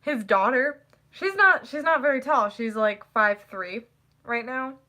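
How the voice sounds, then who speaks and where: A teenage girl chatting casually to the camera, rambling and packing her talk with "like" and quick laughs. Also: on the high side, animated, sharp tone. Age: teens. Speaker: vlogger.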